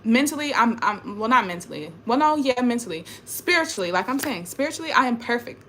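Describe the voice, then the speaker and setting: Bright-voiced young woman venting emphatically. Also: on the high side, very animated, fairly quick, slight background noise. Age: young adult. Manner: emphatic and repetitive, frustrated venting. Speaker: vlogger. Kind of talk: ranting spiritual vlog monologue. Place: at home indoors. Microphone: phone camera.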